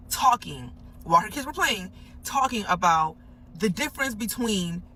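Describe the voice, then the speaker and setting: Woman storyteller, bright sharp tone, animated and swearing, recorded on a phone in a car. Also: mid-range voice, a little hiss or hum, poor audio. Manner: animated, swears freely, tells a story through quoted dialogue. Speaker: storyteller in a clip. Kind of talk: casual storytelling. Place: parked car.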